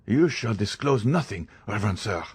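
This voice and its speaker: A man's voice: fairly low pitch, lively intonation, normal speed, husky. A man reading the part of a frightened, evasive escaped convict pleading with a priest in an audiobook.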